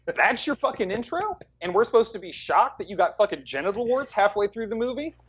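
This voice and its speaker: A man's voice: high voice, sing-song, fairly quick, a bit bright, slightly rough, lo-fi sound. A man co-hosting a movie review podcast in casual chat, blunt, sarcastic and swearing freely.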